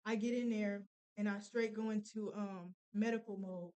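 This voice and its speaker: Young woman w/ aave recounting something rough, lots of ums and restarts, clean smooth tone. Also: medium pitch, steady tone, darkish tone, low-quality recording. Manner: emotional, halting, many fillers and restarts. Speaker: podcast guest telling a personal story. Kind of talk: casual storytelling.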